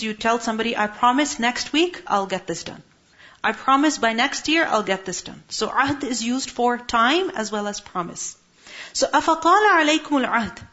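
Woman, Quran teacher, fairly high voice, questioning explanatory manner, dull lo-fi sound. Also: fairly bright tone. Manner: explains Arabic words, asks questions to the class. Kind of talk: Quran tafsir lesson. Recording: muffled lo-fi recording.

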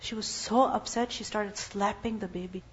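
A woman's voice: mid-range voice, steady tone, moderate pace, slight background noise. A woman giving an Islamic lesson, asking her listeners questions and then answering them herself. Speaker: religious teacher. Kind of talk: Islamic lecture. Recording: dull lo-fi recording.

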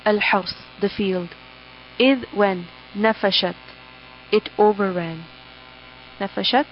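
A woman teaches a word-by-word translation of the Quran, reading each word and following it with its English meaning in short, measured phrases. Her pitch sits in an ordinary middle range. The recording is dull and muffled, with a faint mains hum underneath.

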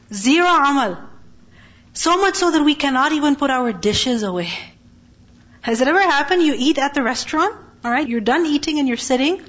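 A woman with a high voice gives a religious lesson to a class. She keeps asking her listeners questions and then answers them herself. The recording sounds dull and lo-fi. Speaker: Quran teacher.

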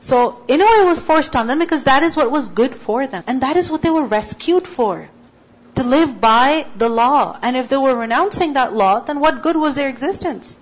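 High-voiced woman teaching a Quran class. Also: animated, normal speed. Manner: explains patiently, recites Arabic and translates, asks the class questions. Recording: dull lo-fi recording.

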